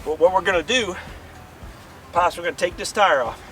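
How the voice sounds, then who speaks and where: A man hosting a casual outdoor vlog, with a joking, folksy, excitable way of talking. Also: sits high, normal speed, recorded from a distance, soft background music. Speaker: RV vlog host. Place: outdoors by a vehicle.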